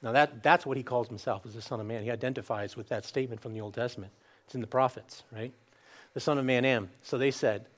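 A man preaching a sermon, asking the listeners questions and acting out scripture quotes in lively voices. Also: medium pitch, fast talker.

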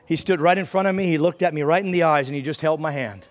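A man's voice: on the high side, quick pace, a little hiss or hum. A man preaching a sermon in church, telling a personal story with feeling and rising into fervent prayer.

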